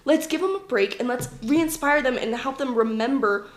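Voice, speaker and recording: A woman podcast host telling stories in an animated way, laughing often. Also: high voice, normal speed. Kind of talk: storytelling chat. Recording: roomy echo.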